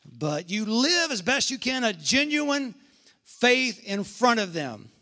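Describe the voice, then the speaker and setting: A man's voice: very high voice, big pitch swings, slow, bright, forceful tone. A middle-aged man, a pastor, preaching a sermon and telling stories with emphatic repetition.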